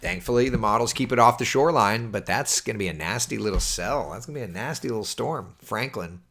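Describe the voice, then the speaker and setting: On a laid-back livestream, a male TV meteorologist fields viewer questions, reading comments aloud in a chatty, animated manner. He talks fast in a mid-range voice with vocal fry.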